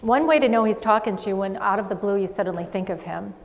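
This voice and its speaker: A woman psychic medium hosting a show, giving chatty readings to a live studio audience with quick asides and frequent laughs. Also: mid-range voice, big-room sound, slight background noise.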